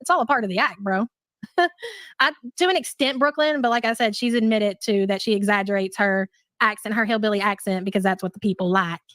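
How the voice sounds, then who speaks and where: A woman's voice: medium pitch, fast, fairly bright tone, dry recording, clean studio sound. A woman co-hosting a live stream in casual, gossipy, profane chat.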